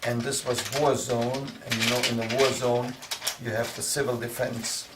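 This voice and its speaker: An older man with a Viennese accent telling his story in an oral history interview, with measured storytelling and vivid recalled dialogue. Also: medium pitch, little pitch movement. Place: interview room. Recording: roomy, distant mic with noise.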